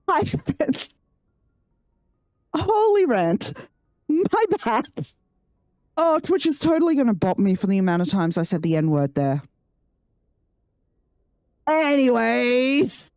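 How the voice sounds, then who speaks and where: Profane, lively woman streamer, dry close sound. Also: on the high side, takes it slowly, pauses often, no room sound, faint music behind. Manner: profane, ranting, laughing. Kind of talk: live game stream chat.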